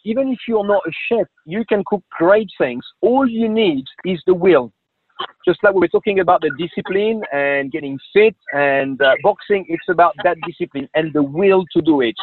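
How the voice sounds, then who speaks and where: A man's voice: on the high side, normal speed, no echo. A man guest giving earnest advice in casual chat, repeating words as he thinks. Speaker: podcast guest. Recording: tinny phone line with faint hiss.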